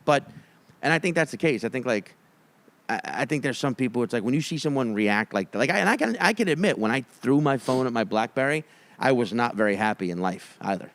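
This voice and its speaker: Lively, swearing male podcast co-host. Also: medium pitch, a little fast, no room sound. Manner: animated, swearing storyteller. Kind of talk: casual comedic chat.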